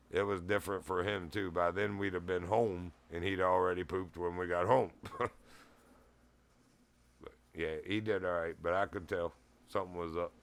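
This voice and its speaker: A man's voice: low-pitched, a bit bright. A man telling a rambling, profane story in casual chat, laughing often and getting heated as he retells it. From Virginia. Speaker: streamer.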